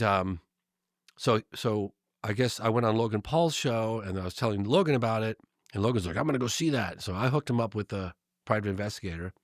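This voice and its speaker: A man's voice: sits low, dry recording, clean studio sound. A man telling a long story in casual talk, rambling with fillers and restarts and acting out the voices he quotes. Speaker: guest.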